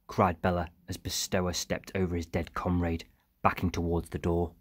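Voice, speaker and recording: Male audiobook narrator, deep husky voice, dry close sound, steady telling. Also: moderate pace, dry recording. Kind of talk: scripted narration.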